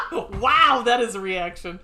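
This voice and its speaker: Bright-voiced woman recapping a horror film. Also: medium pitch. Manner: swearing, chatty, filler-heavy recap. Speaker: podcast co-host. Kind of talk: casual chat.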